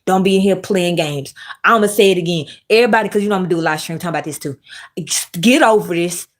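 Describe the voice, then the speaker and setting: A woman's voice: fairly low pitch, fast talker. Blunt, profane woman ranting on camera. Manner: blunt, profane, animated rant; reads live chat and scolds viewers. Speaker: commentary vlogger. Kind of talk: casual opinionated commentary.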